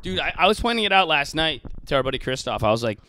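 A man's voice: on the high side, big pitch swings, quick pace, sharp tone. A male comedian in casual, profane chat, rambling with lots of fillers and breaking into impressions. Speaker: comedian, podcast co-host.

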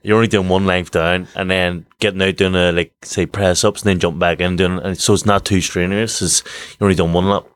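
A man's voice: sits low, little pitch movement, fairly quick, hardly any pauses, no room sound. Sweary man telling stories. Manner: sweary, laughing anecdotes. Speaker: guest boxer. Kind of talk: casual storytelling chat.

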